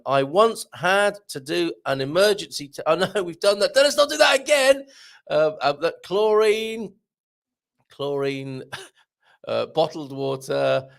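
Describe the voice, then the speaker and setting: A man hosts a live online show and reads out viewer comments. He talks in a lively, up-and-down way with a gravelly edge to his voice. He is jokey and laughs often, tripping over words as he goes. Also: a little high. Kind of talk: live-stream chat reading viewer comments.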